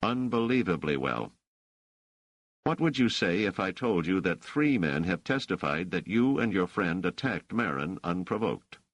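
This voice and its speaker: A man voicing a stern police officer who questions suspects in a flat, probing, faintly sarcastic way. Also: low voice, unhurried, no room sound, voice pushed up, exaggerated voice. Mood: interrogating. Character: stern male police officer, coolly interrogating.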